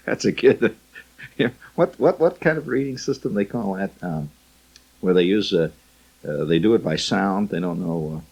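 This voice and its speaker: A man's voice: fairly low pitch, unhurried, creaky, darkish tone, husky, poor audio. A man hosting a radio show, reading listener letters aloud with wry, teasing, rambling asides. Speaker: radio host. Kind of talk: reading listener mail on air.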